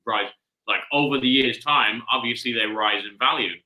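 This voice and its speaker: A man's voice: medium pitch, moderate pace, sharp tone. A man in a casual live-stream chat, rambling and searching for words. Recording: echoey room.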